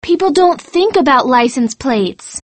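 Anxious young girl, put on by a male narrator; high falsetto, dry sound. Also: lively intonation, a little slow, a bit bright, no echo, heavily acted. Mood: urgent.

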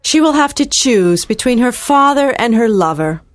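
A woman voicing a sympathetic middle-aged woman in a dramatized audiobook, speaking gently and with concern. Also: a little high, animated, normal speed, no echo, clean studio sound, natural voice.

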